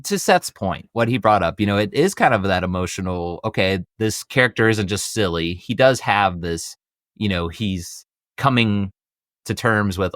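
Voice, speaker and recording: Low voiced guy hosting a chatty podcast, kinda rambly, dry close sound. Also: animated, normal speed, fairly bright tone, no echo. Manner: rambling, repeats himself, hands off questions. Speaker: podcast host. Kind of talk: casual chat.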